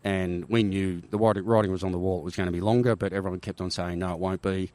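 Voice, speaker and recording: A man's voice: low-pitched, fairly even intonation, fast talker, a little mellow, no echo. A middle-aged Australian man, a podcast guest and army helicopter veteran, telling stories in a rambling way, restarting phrases and tagging on "right?". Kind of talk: casual interview storytelling.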